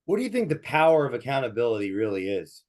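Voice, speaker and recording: A man hosting a podcast, relaxed and jokey, asking his guest questions in casual chat. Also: mid-range voice, fast. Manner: relaxed, jokey, laughs easily. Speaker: podcast host.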